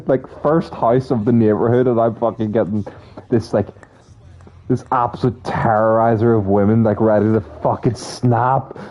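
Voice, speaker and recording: A young man chatting casually to his stream audience, swearing a lot as he tells rambling stories. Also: lowish voice. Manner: profane, rambling, animated storytelling. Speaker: streamer talking to chat. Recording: slightly dull sound with faint music. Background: faint music.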